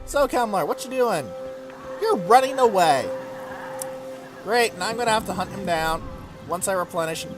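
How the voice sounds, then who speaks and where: Animated high-voiced man narrating gameplay. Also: moderate pace, pauses often, music in the background. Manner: chatty, animated, swears casually. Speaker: let's play host. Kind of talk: gameplay commentary.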